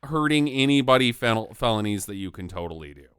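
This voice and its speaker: A man co-hosting a casual comedic movie review podcast, joking with quick asides. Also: fairly low pitch, lively intonation, fairly bright tone, clear, resonant tone, no room sound, studio quality. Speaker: podcast co-host.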